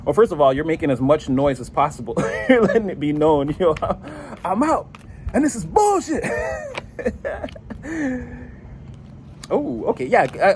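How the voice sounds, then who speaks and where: A man's voice: on the high side, a little hiss or hum, rough recording. Chatty man giving a tarot reading. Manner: chatty, laughs often, swears casually. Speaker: tarot reader.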